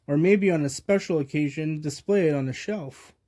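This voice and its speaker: A man reading aloud puts on a high-strung, excitable cartoon sea sponge, a fussy young male hero from a storybook. His voice sits raised and mellow, eager and quick to worry. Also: lightly acted. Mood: excited.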